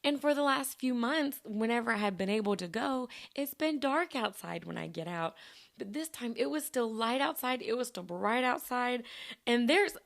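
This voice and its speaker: A woman's voice: a little high, animated, moderate pace, gravelly. Bubbly young woman hosting a podcast. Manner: bubbly and upbeat, laughs often. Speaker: podcast host. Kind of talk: casual solo podcast chat.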